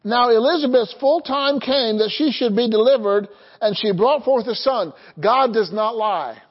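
Very high-voiced preaching man. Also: moderate pace, lo-fi sound. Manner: call-and-response preaching, asks the congregation to answer. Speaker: pastor. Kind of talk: sermon.

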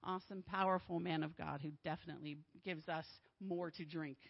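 A woman's voice: low-pitched, steady tone, fairly quick, gravelly, dull audio. Bubbly woman giving church announcements. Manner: bubbly, enthusiastic, laughs often. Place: church sanctuary.

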